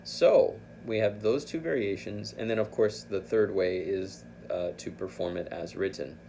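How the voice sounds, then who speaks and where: A man's voice: fairly low pitch, a little slow, creaky, warm tone, slight background noise. A man teaching flute, explaining an etude patiently and thinking aloud as he corrects himself. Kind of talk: instructional explanation.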